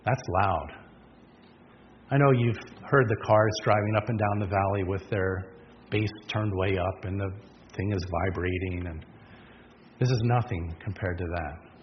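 A man preaching a sermon, earnest and emphatic, asking the congregation rhetorical questions. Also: on the low side. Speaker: pastor. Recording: dull lo-fi sound with long reverb and faint noise.

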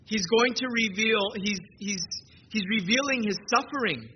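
A man with a high voice preaches an earnest sermon at a church service, leaning on key phrases with slow emphasis. The recording is dull and lo-fi with a clear hiss underneath. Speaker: pastor.

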